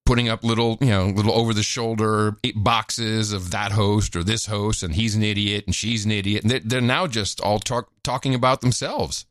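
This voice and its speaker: Male co-host, conversational and easygoing, lower-pitched, casual political chat. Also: steady tone, moderate pace, few pauses, fairly bright tone, dry recording, clean studio sound. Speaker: podcast co-host.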